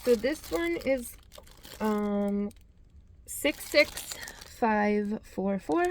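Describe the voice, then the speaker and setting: Chatty woman with a gravelly edge. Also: medium pitch, animated, extremely slow, a little mellow, slight background noise. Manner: chatty, reads out yarn labels, self-correcting. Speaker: yarn channel host. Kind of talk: casual show-and-tell vlog.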